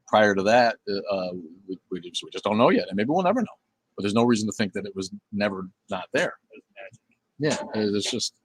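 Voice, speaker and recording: A middle-aged man hosts a casual livestream, answering chat comments in a blunt, swearing, rambling way. His voice sits a little low, and the sound is dry and close, with no room echo. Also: breathy edge. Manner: blunt, profane, rambling with many fillers. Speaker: livestream host.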